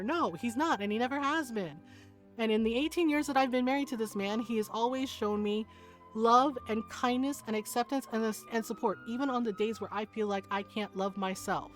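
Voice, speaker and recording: A woman's voice: fairly high pitch, fairly quick, faint music behind. A woman in her forties streaming a game, talking with her chat in a frank, heated way, swearing freely and laughing often. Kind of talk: casual livestream chat.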